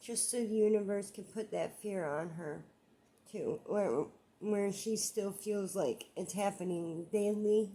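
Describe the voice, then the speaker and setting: A woman with a medium-pitched, warm voice speaks unhurriedly in an emotional personal vlog about her own life. Her monologue rambles, and she repeats herself as frustration builds.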